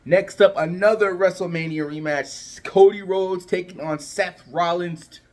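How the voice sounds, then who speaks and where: A man's voice: sits high, fairly even intonation, a little slow. A man vlogging his predictions in a loose, chatty way, full of fillers and restarts, his voice cracking a little. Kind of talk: casual chat to camera.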